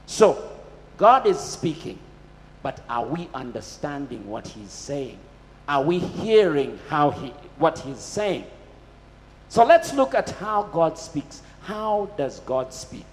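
A man's voice: fairly high pitch, big pitch swings, slow pace, big-room sound, slight background noise, low-quality recording. A man preaching a sermon, asking his listeners questions and pressing his points with emphasis.

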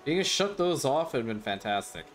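A man's voice: mid-range voice, big pitch swings, brisk. Rambling man chatting over gameplay. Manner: rambling, with frequent fillers and chuckles. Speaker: gaming channel host. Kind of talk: casual gameplay commentary.

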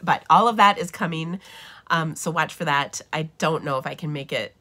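A woman's voice: deep voice, moderate pace, bright, forceful tone. A middle-aged woman hosting a papercraft livestream, chatting casually and enthusiastically with lots of fillers, sounding a bit nasal from feeling unwell.

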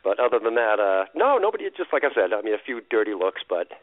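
A man telling stories as an interview guest, lively and laughing often, acting out the people he quotes. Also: lowish voice, quick pace, dry recording. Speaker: guest, wrestling impersonator. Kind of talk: animated storytelling interview. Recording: tinny phone-quality line.

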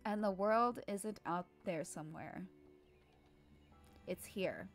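Woman reading as stern policewoman, low cautioning voice, slow delivery, faint music behind. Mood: warning. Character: stern woman police officer, warning and guarded.

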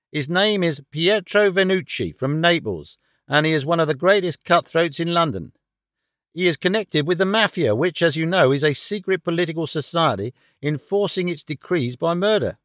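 A self-satisfied police inspector from a storybook mystery, talking briskly and pleased with his own theory, as a male reader puts him on. The voice sits a little high and the recording is dry and close. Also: fairly bright tone, dry recording, close to an everyday voice.

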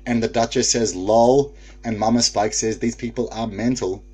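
A man's voice: mid-range voice, steady tone, normal speed, mellow, a little hiss or hum. A man hosting a casual live stream, reading viewer comments aloud and laughing often.

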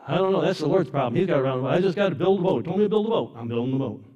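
A man's voice: a little high, lively intonation, racing, mellow, dull audio. A man preaching a sermon voices Noah as a puzzled, plain-spoken old builder, asking questions in his own voice. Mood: matter-of-fact. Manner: bewildered, questioning.

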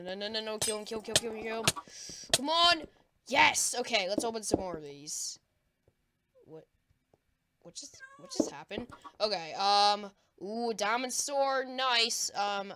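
Woman, excitable gameplay commentary, lively swooping pitch, loud background noise. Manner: excitable, frequent panicked cries and laughter. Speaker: gaming video creator.

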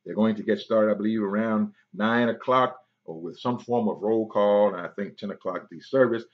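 A male pastor with a lowish voice, speaking at normal speed, goes through church announcements and tosses in an amen or praise the Lord after almost every phrase, sometimes breaking into song. It sounds dull and lo-fi, like an online service stream.

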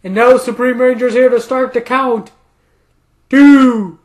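A man's voice: very high voice, level tone, normal speed. A man commentating a wrestling match play-by-play, repeatedly calling out to the audience and counting out the fallen fighter. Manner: repeats "ladies and gentlemen", calls out the count.

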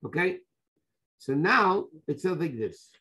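A man giving a lively Torah class as a rabbi, telling the story with rhetorical questions and Hebrew and Yiddish terms mixed in. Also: fairly high pitch, takes it slowly.

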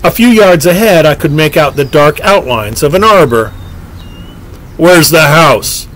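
A man reading a story aloud with expressive, lively delivery as a scripted narration. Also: a little high, moderate pace, rough recording. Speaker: audiobook narrator.

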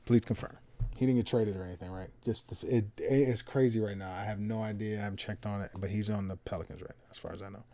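A man hosting a card break, casually calling out players with slangy, excited remarks and muttered asides. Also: on the low side, fast talker, no echo. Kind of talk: casual card-opening commentary.

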